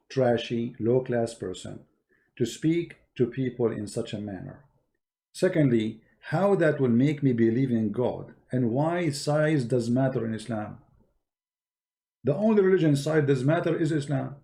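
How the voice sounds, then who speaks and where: A man's voice: mid-range voice, gravelly, mellow. A man hosting a confrontational live debate, boastful and sarcastic. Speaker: debate streamer.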